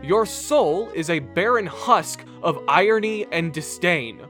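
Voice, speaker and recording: Sarcastic man roasting in lively swings. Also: high voice, slow, faint music behind. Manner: sarcastic roasting, swinging between flat asides and shouts. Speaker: YouTuber. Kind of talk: scripted comedic commentary.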